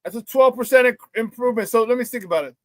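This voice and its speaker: A man hosting a casual sports talk show, telling stories excitedly with many restarts and repeated words. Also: extremely high pitch, fast, no echo.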